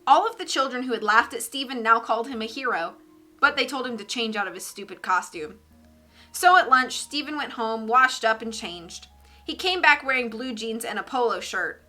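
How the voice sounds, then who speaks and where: A woman streamer reading a children's book aloud, lively and doing character voices. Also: a little high, moderate pace, soft background music.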